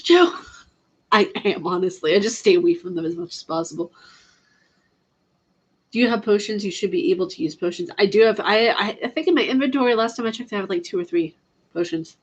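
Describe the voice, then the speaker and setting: A woman's voice: fairly low pitch, lo-fi sound. A woman chatting casually on a live stream about video games, laughing often and answering her chat. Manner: chatty, giggly, reads chat aloud.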